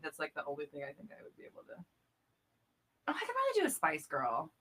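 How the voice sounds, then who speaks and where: A woman's voice: low-pitched, wildly swooping pitch, quick pace, fairly bright tone, breathy edge. A woman hosting a casual live-stream chat, reading out viewer comments, chatty and playful with frequent laughter. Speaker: host and coach.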